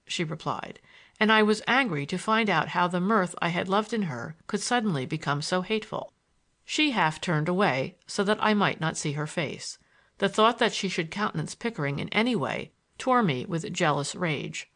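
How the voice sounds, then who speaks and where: A woman narrating a first-person novel as an audiobook, reading in a measured, expressive way. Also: on the low side.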